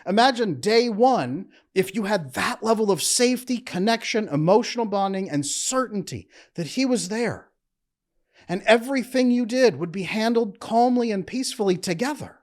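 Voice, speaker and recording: A man giving a motivational talk as a relationship coach, speaking in calm, measured, emphatic short phrases. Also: high-pitched.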